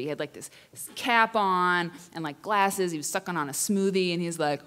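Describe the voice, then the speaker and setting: A woman in her thirties telling a funny personal story live, chatty and self-deprecating with animated asides. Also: fairly low pitch, fairly quick. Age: 30s. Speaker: writer and quilter performing for students.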